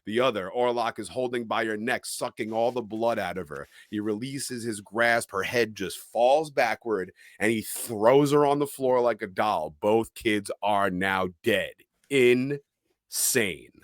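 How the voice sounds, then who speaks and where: A man's voice: fairly low pitch, unhurried, dry recording, clean studio sound. A man co-hosting a podcast, telling a horror film's plot as a dramatic recap. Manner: dramatic storytelling recap with quoted lines. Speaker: podcast co-host.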